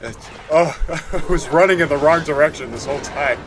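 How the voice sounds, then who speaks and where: A man's voice: fairly high pitch, a little fast, background noise. A man hosting a let's play, giving casual, rambling gameplay commentary with wry self-corrections.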